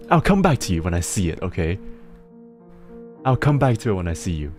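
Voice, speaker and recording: A man's voice: low voice, big pitch swings, a little slow, pauses often, darkish tone, soft background music. A young man hosting a casual live stream, rambling, laughing often and swearing freely. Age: young adult. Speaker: streamer host.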